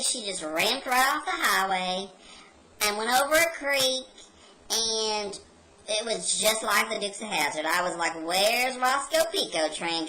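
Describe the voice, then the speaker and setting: A woman's voice: mid-range voice, pushed and bright, slight background noise, poor audio. A woman playing a brash, rebellious carnival worker, telling a rambling folksy story as a comedy character monologue.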